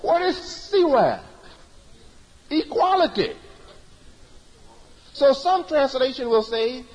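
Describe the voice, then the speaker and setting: A man's voice: very high voice, sing-song, slow, long pauses, darkish tone, big-room sound, rough recording. A man giving a sermon-style religious lecture, emphatic and repetitive in his preaching cadence. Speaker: religious teacher.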